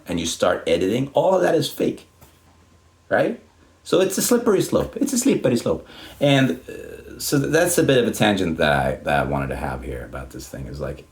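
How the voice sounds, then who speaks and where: A man speaking English as a non-native language, delivering a long, unedited, profane and tangential rant straight to camera. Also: low-pitched. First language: not English. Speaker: YouTuber. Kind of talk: unscripted ranting monologue.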